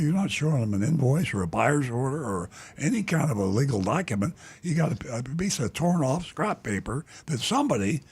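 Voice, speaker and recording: A man's voice: medium pitch, a little mellow, slightly rough. An older man hosting a call-in talk show, speaking bluntly and indignantly and rambling with many filler sounds. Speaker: talk show host, car dealer.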